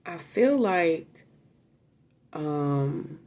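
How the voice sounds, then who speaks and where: A woman's voice: sits low, lively intonation, very slow, warm tone. A woman giving a casual, emotional tarot reading straight to her viewers, chatting freely and swearing now and then. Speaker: tarot reader.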